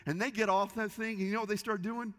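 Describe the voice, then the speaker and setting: A middle-aged male pastor preaching a sermon, his fairly high voice bright and forceful. He tells stories in a lively way, often restarting his words. The sound rings with the long reverb of a large church hall. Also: fast. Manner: lively storytelling with repeated restarts.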